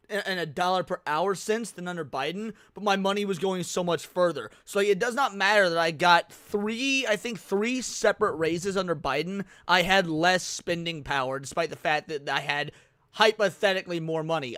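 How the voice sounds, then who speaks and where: Brief: male streamer, high smooth voice, dry close sound, profane and rambling. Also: moderate pace, a bit bright, no echo. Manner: rambling, profane, joking, many restarts. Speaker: stream host reacting to videos. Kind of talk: casual live reaction stream.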